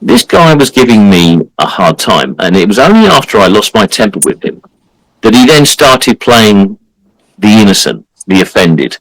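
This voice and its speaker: A low-voiced man tells a story on a casual podcast, his pitch swinging widely as he acts out the people he quotes. He keeps his points emphatic, and the sound is dry and close. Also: very animated, normal speed, fairly bright tone, no room sound, poor audio. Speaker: podcast co-host.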